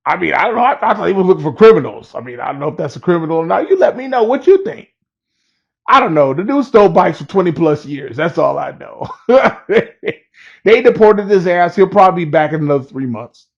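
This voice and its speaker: A man's voice: high-pitched, sing-song, a little fast, creaky, husky, lo-fi sound. A man telling a story in a loose, rambling, profane way, chuckling as he goes. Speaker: storyteller vlogger.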